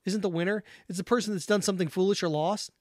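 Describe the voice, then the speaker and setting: A man with a high, bright voice hosts a solo sports talk show. He argues his opinions emphatically and repeats key points to drive them home. The recording is dry and close, with no room sound. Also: steady tone, fast talker, no echo.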